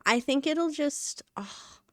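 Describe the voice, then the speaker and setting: High-pitched and animated, she takes it slowly, her tone fairly bright. She's a woman live-streaming as she works, chatting, rambling, and narrating herself, a little out of breath. The sound is clean studio quality with no echo.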